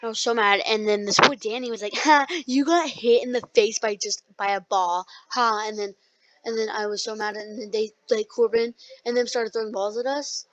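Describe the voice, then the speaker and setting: A young podcast co-host telling a rambling school story in casual chat, full of likes and ums. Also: female voice, on the high side, steady tone, normal speed, fairly bright tone. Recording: dull lo-fi sound.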